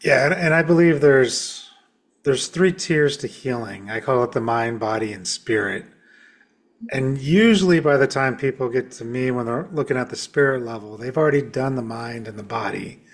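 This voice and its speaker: A man hosts a podcast conversation and sets out his views calmly and step by step. He speaks at a middle pitch and affirms his guest's points. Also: normal speed. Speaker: podcast host and shamanic practitioner.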